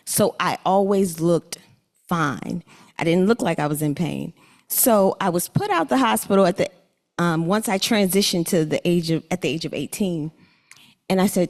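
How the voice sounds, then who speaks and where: A young woman telling her own story at a conference, earnest and a little halting. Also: on the low side. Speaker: summit speaker. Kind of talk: personal talk at a conference. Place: conference hall. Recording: long hall reverb.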